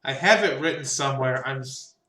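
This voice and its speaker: Bright-voiced male game master. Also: medium pitch, a little fast, roomy sound. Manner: chatty, laughs easily, stumbles over names. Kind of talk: narrating a tabletop game.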